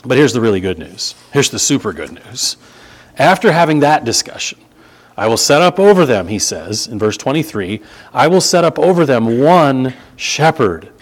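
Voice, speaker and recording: A man's voice: medium pitch, big pitch swings, moderate pace. A man preaching a sermon as pastor, reading scripture and exhorting the congregation.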